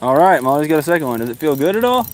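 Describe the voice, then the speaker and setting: A man's voice: fairly high pitch, sing-song, rapid-fire. A man chatting casually while fishing outdoors on a live stream, easygoing and teasing. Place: outdoors by freshwater. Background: wind.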